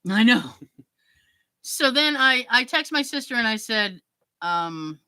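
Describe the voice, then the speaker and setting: A woman podcast host telling a story in casual chat, acting out the quoted dialogue with lively emphasis. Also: a little high, slow, dry recording, poor audio. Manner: animated, acts out quoted dialogue.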